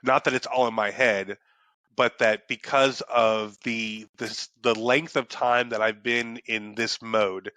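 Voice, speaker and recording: A young man with a bright, forceful voice talks casually on a podcast, rambling and cursing, often restarting his thoughts. The sound is dry and close, with no room around it. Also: medium pitch, steady tone, unhurried, no echo. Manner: rambling, swears freely, restarts sentences. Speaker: podcast co-host. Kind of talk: casual chat.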